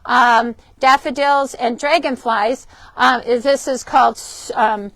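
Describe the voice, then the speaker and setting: High-voiced lady hosting a quilt shop stream, chatty, lots of ums, dry close sound. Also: fairly even intonation, a little slow, a bit bright, no room sound. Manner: chatty, upbeat, frequent ums and self-corrections. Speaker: shop host presenting fabrics and books. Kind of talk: casual product demo for a live stream. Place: indoors in a fabric shop.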